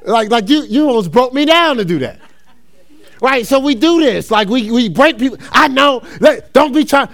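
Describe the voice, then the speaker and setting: A man's voice: extremely high pitch, expressive, normal speed, fairly bright tone. A middle-aged man from New Jersey preaching a sermon as a laid-back story, laughing often and calling the crowd y'all. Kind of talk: sermon with personal stories.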